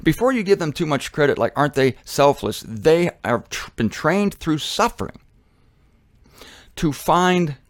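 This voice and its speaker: A man giving a sermon in an animated, conversational way, often acting out voices. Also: fairly high pitch, no room sound. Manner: animated, conversational, acts out quotes.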